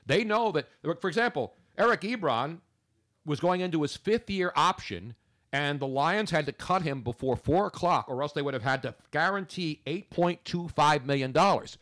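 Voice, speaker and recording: A man's voice: on the high side, expressive, moderate pace, fairly bright tone. Chatty male sports radio host. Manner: rambling, chatty, talks over others. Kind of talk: casual radio talk.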